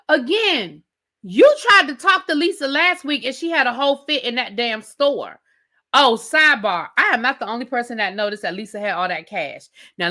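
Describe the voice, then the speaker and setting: A woman with a high, bright voice rants sassily through a reality TV recap. She talks straight to her viewers in a loose, conversational style. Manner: sassy, conversational, addresses viewers as y'all. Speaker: TV recap host. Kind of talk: animated reality TV rant.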